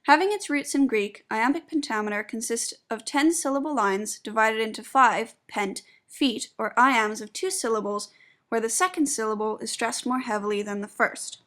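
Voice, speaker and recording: A young woman reading a spoken essay aloud in a measured, explanatory way, presenting her own analysis of poetry. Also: a little high, fairly bright tone. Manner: measured and explanatory, stressing syllables when demonstrating meter.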